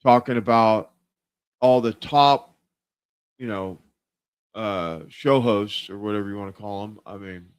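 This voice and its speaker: A man with a fairly low, smooth voice hosts a casual political livestream, speaking unhurriedly with long pauses. He rambles, filling space with fillers and restarting his sentences.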